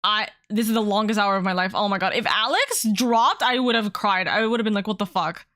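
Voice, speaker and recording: A woman streaming from home as a VTuber, chatting casually in a rambling, excitable way and swearing freely. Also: medium pitch, fairly quick, no echo. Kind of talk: casual livestream chat.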